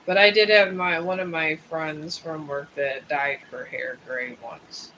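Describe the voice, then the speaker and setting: Male tarot reader on a livestream; high-ish voice, rambling and chatty, laid-back. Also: steady tone, measured pace, pushed and bright, slight background noise, rough recording. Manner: rambling and chatty, drifting between topics. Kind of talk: casual livestream chat. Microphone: streaming setup.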